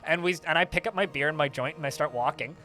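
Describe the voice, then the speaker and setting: A man's voice: a little high, fast talker, bright, forceful tone. A man streaming a game, casually telling a rambling anecdote full of fillers. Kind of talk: casual storytelling while playing a game.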